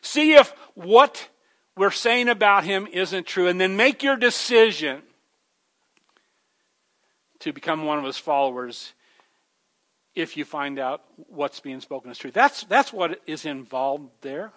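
Bright-voiced man preaching a sermon. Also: high-pitched, expressive, measured pace, pauses often. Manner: conversational preaching, frequent restarts, addresses listeners as folks. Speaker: pastor.

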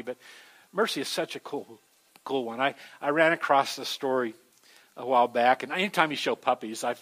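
A middle-aged man preaching a sermon, telling stories with an animated delivery that swings from loud to soft. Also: medium pitch. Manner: animated storytelling, voices shifting loud and soft. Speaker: pastor.

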